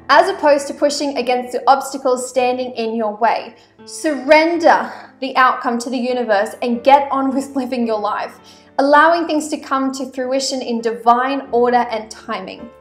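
A woman's voice: on the high side, fairly bright tone, roomy sound. An Australian woman vlogging casually as she reads oracle cards, chatty and rambling with frequent "um" and "like" asides. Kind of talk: casual vlog with oracle card reading.

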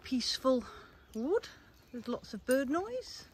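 A woman vlogging on a woodland walk, calling and praising her dogs in a sing-song way and musing quietly about the woods. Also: high voice, very animated, slow pace, a little hiss or hum. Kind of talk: casual outdoor vlog with dog commands. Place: woodland outdoors.

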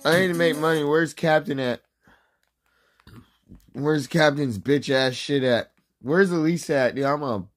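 A man streaming gameplay, crude and rowdy, chattering to himself and bursting into shouts. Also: on the high side. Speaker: livestreamer. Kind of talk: profane livestream gameplay chatter.

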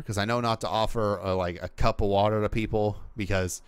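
Rambling, cursing podcast guy, smooth low voice. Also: steady tone, a little fast, hardly any pauses, no room sound. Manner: rambling, frequent swearing, many fillers. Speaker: podcast host. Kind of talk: solo casual podcast chat. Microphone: podcast microphone.

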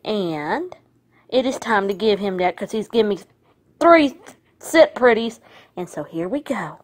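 A woman's voice: mid-range voice, expressive, measured pace. Doting middle-aged woman vlogging at home. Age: 50s. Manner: doting baby talk to her dog, laughing often. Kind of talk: casual home vlog.

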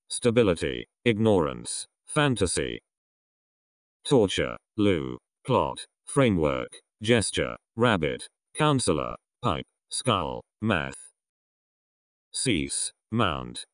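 A man reading a vocabulary list aloud, one word at a time with pauses between. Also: deep voice, no room sound, clean studio sound. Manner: isolated words with pauses between.

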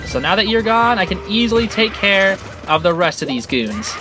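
Rambling gamer doing a playthrough, laughs a lot, super animated. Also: medium pitch, normal speed, music in the background. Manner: excitable, rambling, laughs often. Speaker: gaming channel host. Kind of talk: let's play commentary.

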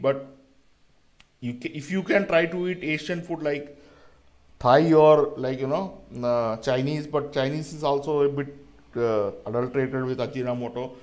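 Higher-voiced Indian man ranting emphatically. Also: darkish tone. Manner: rambling and emphatic, often addressing listeners as "guys". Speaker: vlogger. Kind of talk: rambling monologue to camera.

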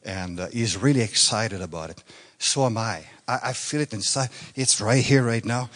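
A man from Quebec preaches in English, his native French showing through a Quebec French accent. His sermon is loose and conversational, with playful asides to the crowd and sudden rises of enthusiasm. His voice sits at a middle pitch for a man. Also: moderate pace, few pauses, a bit bright. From Quebec, Canada. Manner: chatty, joking asides, bursts of enthusiasm. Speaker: guest minister. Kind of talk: informal sermon. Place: church meeting on stage.

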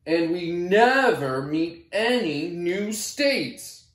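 A man voicing Kansas, a bored, glum male state in a storybook, drawing his words out slowly, recorded with a roomy echo. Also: high-pitched, animated, fairly bright tone, exaggerated voice. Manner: slow moping delivery.

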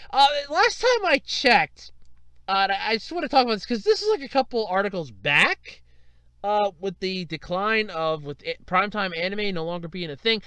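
A high-pitched man hosting a solo podcast, his voice swinging widely as he talks. He sounds bright and clean, close and dry, and keeps cracking up with laughter as he speaks in an exaggerated, self-mocking way. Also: clear, resonant tone, no echo. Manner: keeps breaking into helpless laughter while talking; animated, exaggerated and self-deprecating. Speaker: podcast host.

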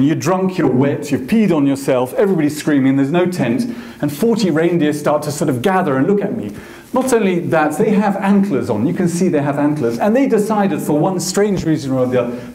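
A man telling a comic story on stage at a masterclass, self-mocking and animated, acting out the voices of the people he quotes. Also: a little high. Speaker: photographer giving a masterclass talk. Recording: echoey hall.

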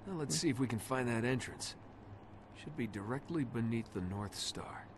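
A man playing a young adventurer hero in a video game, talking in a steady, matter-of-fact way. His mid-pitched voice stays even as he reasons through the puzzle out loud. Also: moderate pace, noisy background, close to an everyday voice. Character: young male adventurer solving a star puzzle.

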